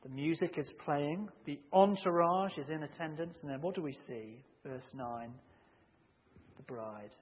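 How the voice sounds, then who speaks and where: A man preaching a sermon, measured and emphatic, rising to loud shouts when acting out a story. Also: fairly high pitch. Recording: muffled audio with long hall reverb.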